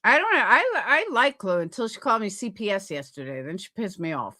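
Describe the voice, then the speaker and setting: A woman on a live-stream panel, talking bluntly and profanely and taking sides quickly. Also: medium pitch, big pitch swings, bright, forceful tone, a little hiss or hum.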